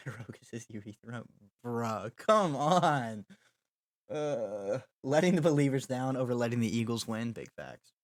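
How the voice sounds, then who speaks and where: A man's voice: mid-range voice, expressive, moderate pace, mellow, no room sound, studio quality. A young man chatting casually with his livestream chat while gaming, joking and making dramatic mock apologies. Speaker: streamer.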